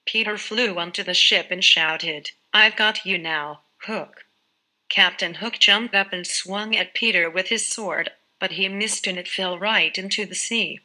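A woman narrating a children's fairy tale in a steady, clear storytelling read. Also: medium pitch, low-quality recording.

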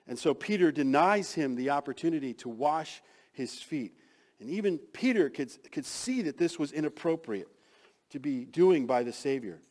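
A man preaching a sermon as pastor, acting out quoted lines with sudden swings from loud to soft. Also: fairly high pitch, expressive, moderate pace.

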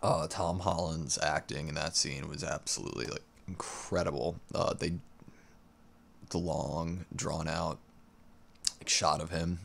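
A young man giving casual reaction commentary while watching a movie, relaxed and exclaiming. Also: very deep voice, a little slow, creaky.

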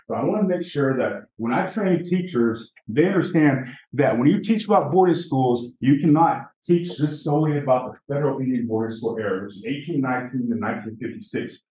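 A man's voice: mid-range voice, darkish tone. A man presenting at a conference, speaking conversationally, telling stories and asking the audience questions. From Native American, Apache. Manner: conversational, asks the room questions, tells stories. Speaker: presenter training teachers. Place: conference session room. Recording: echoey room, mic far off.

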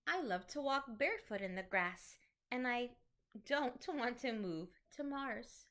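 Animated, sing-song woman teacher reading aloud. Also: a little high, a little slow. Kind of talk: reading picture books aloud to children.

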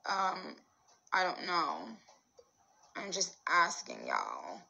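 A woman's voice: lowish voice, wildly swooping pitch, drawn-out words, creaky, sharp tone, husky, muffled recording. A woman hosting a livestream, chatting casually and playfully with her viewers. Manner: playful, chatty, bursts of laughter. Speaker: livestream host.

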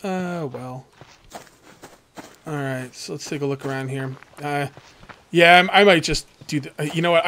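A man's voice: a little high, a bit bright, a little hiss or hum. Chatty man rambling over gameplay. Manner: rambling, chatty, talks straight to viewers. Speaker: let's play host. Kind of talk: casual gameplay commentary.

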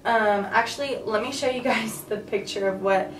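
A young woman vlogging, chatting excitedly to camera with lots of fillers. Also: on the high side, moderate pace, far from the mic, a little hiss or hum. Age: young adult. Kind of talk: casual chat to camera. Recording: echoey room, voice a little off-mic.

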